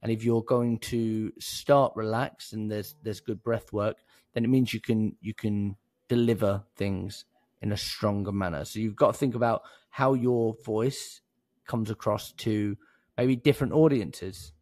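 A man's voice: fairly low pitch, steady tone, a little slow, darkish tone, dry recording. A man with a London accent co-hosting a podcast, chatty and joking, often restarting his sentences. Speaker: podcast co-host. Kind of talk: casual chat.

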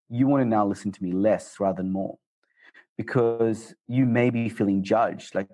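A man answering interview questions about communication in a conversational way, jumping up in pitch for quoted asides. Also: moderate pace, mellow. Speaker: guest speaker on communication.

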